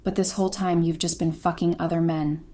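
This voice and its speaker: A woman's voice: brisk, natural voice. A betrayed, bitter husband, as a woman narrator reads him. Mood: bitter, low. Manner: low, even, quietly cutting. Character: heartbroken betrayed husband, calm turning bitter.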